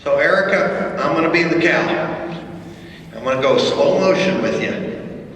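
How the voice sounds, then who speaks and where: Clinician, male, bit high-voiced, barking short commands; distant, echoey arena recording. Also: animated, normal speed, fairly bright tone, a little hiss or hum. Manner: directive coaching with short repeated commands. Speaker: horse training clinician. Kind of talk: live arena riding demonstration. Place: large indoor horse arena at an expo.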